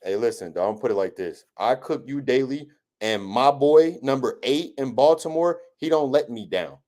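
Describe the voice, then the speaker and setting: A young man with a mid-pitched voice debates sports on a podcast, hammering his points with emphatic, repeated boasts. He talks casually, with a steady confidence. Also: normal speed. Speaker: podcast host.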